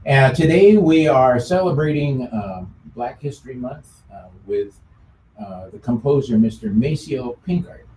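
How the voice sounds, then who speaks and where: A man hosting a music show in casual chat, easygoing, with many filler pauses. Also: mid-range voice, animated, darkish tone, a little hiss or hum. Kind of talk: casual chat about old songs. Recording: roomy sound from a distant mic.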